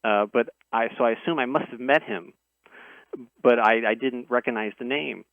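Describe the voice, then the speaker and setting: A man's voice: medium pitch, moderate pace, no echo. A man on a radio show tells a long first-person story in an earnest way, often breaking off and restarting phrases. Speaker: interview guest. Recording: dry tinny phone line.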